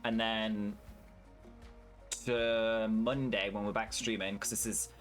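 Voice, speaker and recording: A British man from the United Kingdom, with a lowish voice and a fairly bright tone, chats casually and swears freely. He's streaming a farming game and answering his chat.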